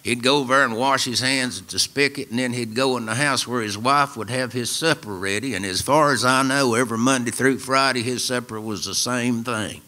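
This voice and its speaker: A man's voice: mid-range voice, fairly even intonation, brisk, hardly any pauses, bright, forceful tone. An older man from East Tennessee with a local accent, telling a wry, folksy story to a live radio studio audience. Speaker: storyteller and musician.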